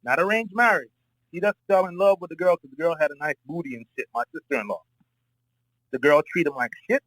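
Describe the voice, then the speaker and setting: A man's voice: on the high side, fairly quick, fairly bright tone, no echo, rough recording. A man from Florida calling into a debate and telling a long, profane personal story in a rambling way. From Florida, United States. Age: adult, married. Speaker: debate caller. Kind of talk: casual spoken debate.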